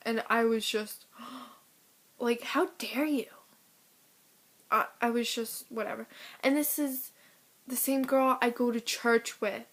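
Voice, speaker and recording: A woman's voice: fairly high pitch, level tone, normal speed. A teenage girl ranting to camera, telling a story in an exasperated, indignant way. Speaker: vlogger.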